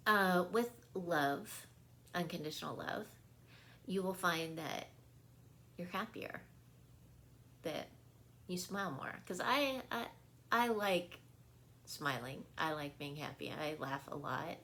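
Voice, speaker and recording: Speaking as a wellness coach, this woman has a lowish voice with a fairly bright tone. Her casual spiritual talk is earnest and repetitive, sprinkled with easy laughter and frequent "right?" check-ins with her audience.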